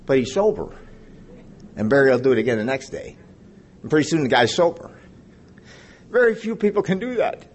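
A man's voice: medium pitch, big pitch swings, a little fast, pauses often. A man in his fifties sharing his story at a recovery meeting, a rambling storyteller who jokes with the audience. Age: 50s. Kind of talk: personal testimony to an audience.

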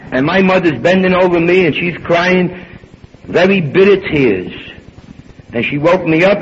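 An older man at a recovery meeting, telling his own story in an animated way and acting out the dialogue. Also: fairly high pitch. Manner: animated storyteller, acts out dialogue, swings between loud and hushed. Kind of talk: personal storytelling talk. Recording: dull lo-fi recording with faint hiss.

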